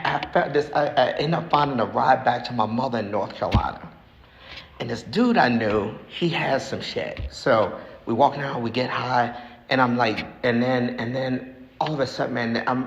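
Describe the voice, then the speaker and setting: A gravelly-voiced man in his sixties shares his own story at a recovery meeting. He talks frankly and haltingly, often repeating himself. His voice rings through a large hall with long reverb. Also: mid-range voice, highs cut off. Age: 60s. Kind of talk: personal recovery testimony. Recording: echoey hall with faint noise.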